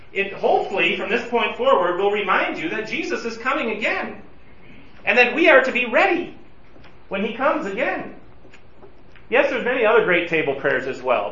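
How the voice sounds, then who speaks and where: A man teaching a Bible study as a pastor, talking through scripture verse by verse and acting out quoted pleas with animated urgency. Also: high voice. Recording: distant, roomy, slightly dull recording.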